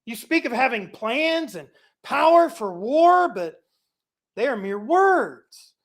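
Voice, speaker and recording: Bible teacher putting on a mocking Assyrian envoy, raised voice, high and loud, sneering. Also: sing-song, takes it slowly, heavily acted. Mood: taunting. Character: boastful Assyrian envoy taunting a king.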